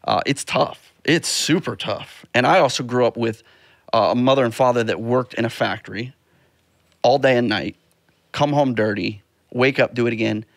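A man's voice: mid-range voice, moderate pace, gravelly, no room sound, clean studio sound. A middle-aged man hosting a podcast, talking thoughtfully about fatherhood, often repeating words as he starts a thought. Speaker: podcast host. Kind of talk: casual chat.

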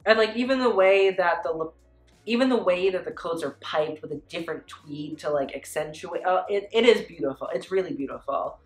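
Casting note: woman with a lowish voice, casual fashion vlogger, chatty and blunt, echoey room, soft music behind. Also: fairly quick. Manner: chatty, frequent "like" and "you know", blunt swearing. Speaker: fashion commentator.

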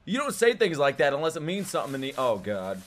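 Excitable young man with a lively voice. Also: fairly high pitch, fast. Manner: excitable, jokey, swears freely, yells at big moments. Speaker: anime reaction streamer. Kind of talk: casual reaction commentary. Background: anime audio and music playing.

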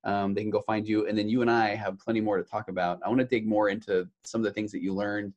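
Male podcast host, low voice, rapid talk, affirming and chatty. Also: little pitch movement, a little mellow, lo-fi sound. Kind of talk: casual interview chat.

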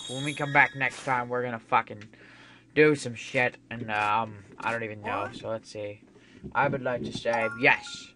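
A young man giving let's play commentary, swearing freely and reacting excitably to the game. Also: mid-range voice, measured pace. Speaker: gaming video host. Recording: game music loud behind voice. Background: video game music.

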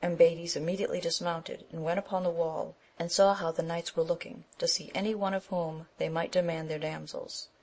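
A woman narrates an old chivalric romance in a steady, measured audiobook reading. Her voice sits low, with a gravelly texture. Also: poor audio. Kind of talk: scripted narration.

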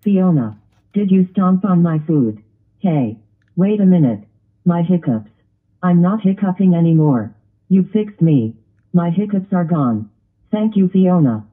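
A text-to-speech voice playing a grumpy, complaining male ogre in a cartoon, read flatly. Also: mid-range voice, a little slow, breathy edge. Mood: relieved. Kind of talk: text-to-speech grounded video. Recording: tinny phone-like lo-fi audio.

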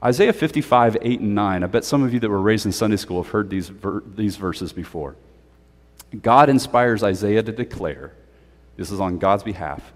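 A male pastor preaching a sermon in a conversational, animated way, with playful asides. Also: fairly low pitch, normal speed, long reverb tail. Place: church sanctuary.

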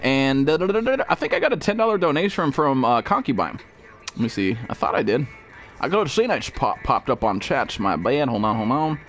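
A man streaming a survival game live, cursing and yelling to his chat and teammates for help, then reading out donations. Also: mid-range voice, very animated, fairly quick. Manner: panicky, profane, yelling for help. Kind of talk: live gameplay commentary.

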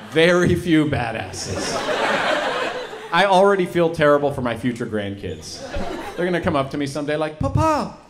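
A young man performing a stand-up set, animated and leaping into high excited voices for the people in his stories. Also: fast, very noisy. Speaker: stand-up comedian. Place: comedy venue. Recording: loud laughing crowd.

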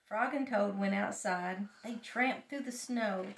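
An older woman, a grandmother, reading a storybook aloud to a child in a lively, animated way. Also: medium pitch, takes it slowly, vocal fry. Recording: roomy echo, mic at a distance.

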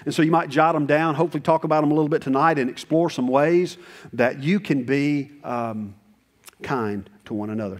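A man in his sixties preaching a sermon as pastor, conversational and animated, with sudden high bursts of emphasis. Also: a little fast. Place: church sanctuary. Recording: long church reverb.

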